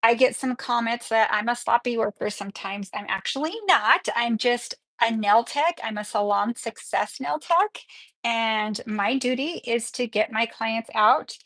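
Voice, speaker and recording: A woman's voice: on the high side, measured pace, a bit bright, dry recording, low-quality recording. A middle-aged woman teaching nails on a livestream, chatty and upbeat, talking as she works. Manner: chatty, upbeat, talks while working. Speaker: nail instructor. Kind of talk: livestreamed nail tutorial.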